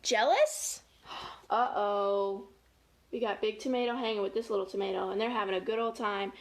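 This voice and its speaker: A woman's voice: medium pitch, steady tone, very fast. A woman, a family educator, reading a picture book aloud to children in a playful, chatty way, with gasps and laughs along the way.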